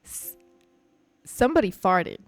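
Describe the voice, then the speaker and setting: A young woman hosting a podcast, rambling frankly through a personal story, laughing often, and she says she is high. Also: sing-song, a little slow, no room sound, soft background music. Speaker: podcast host. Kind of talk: casual confessional chat.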